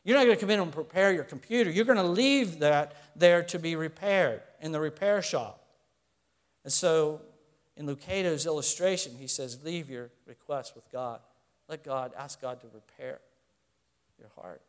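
Speaking at a moderate pace with a voice on the high side, a middle-aged male pastor delivers an earnest, conversational sermon and asks his congregation questions.

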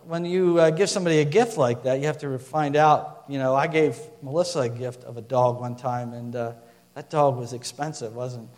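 A man's voice: medium pitch, normal speed, darkish tone, in a large hall. A man preaching a sermon, talking casually with fillers and restarts, then building to emphatic passages.

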